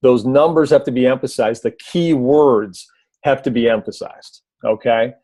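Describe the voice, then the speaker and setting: A man's voice: medium pitch, moderate pace, no echo. A man giving casual video tips on a team call, conversational, with many fillers and restarts. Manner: briefly mimics a loud announcer voice. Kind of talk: casual instructional talk.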